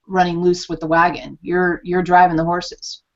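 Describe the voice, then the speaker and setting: Over dull lo-fi audio, a channeler and host with a lowish female voice leads a casual live chat at a moderate pace. She talks expressively, performs quoted reactions, and laughs frequently.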